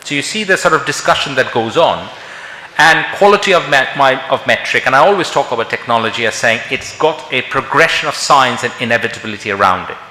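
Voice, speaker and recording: Bright-voiced man lecturing in an echoey hall. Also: medium pitch, expressive, brisk, a little hiss or hum. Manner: conversational, full of rhetorical questions. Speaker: conference speaker, doctor. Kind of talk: conference lecture. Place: large conference hall. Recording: echoey hall with long reverb.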